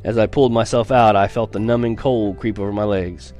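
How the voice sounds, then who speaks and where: A man's voice: lowish voice, steady tone, brisk, darkish tone, soft background music. Earnest man reading a story aloud. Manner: earnest storytelling with small restarts and stumbles. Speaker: reader of a novel. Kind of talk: amateur read-aloud narration of a first-person story.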